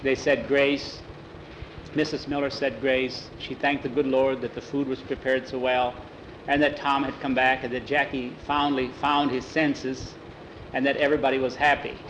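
A man's voice: mid-range voice, level tone, normal speed, background noise. A man telling a folksy western story aloud, filling it with "he says" and "he said".

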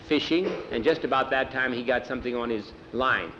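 A man narrating a story in a plain, unhurried, folksy way. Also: mid-range voice, bright, forceful tone, dull audio, a little hiss or hum. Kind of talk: oral storytelling.

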